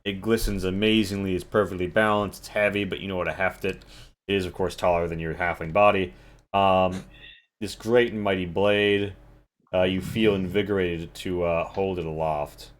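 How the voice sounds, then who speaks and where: A man's voice: low-pitched, steady tone, moderate pace. A man narrating a tabletop role-playing game as game master, in loose narration full of fillers.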